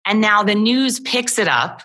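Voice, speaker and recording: A woman's voice: medium pitch, lively intonation, measured pace, pushed and bright. A woman hosting a podcast interview, chatting casually and gushing with enthusiasm about her guest. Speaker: podcast host.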